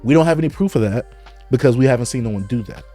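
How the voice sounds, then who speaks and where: A man hosting a casual live read-along, thinking aloud and jumping excitedly into speculation. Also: mid-range voice, very fast, faint music behind. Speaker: host reading comics aloud.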